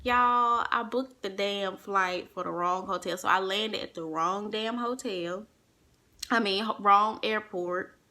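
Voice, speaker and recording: A young woman telling a personal story to her listeners in a casual, animated way, swearing freely and acting out what others said. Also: mid-range voice, measured pace. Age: young adult. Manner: animated, profane, acts out quoted voices.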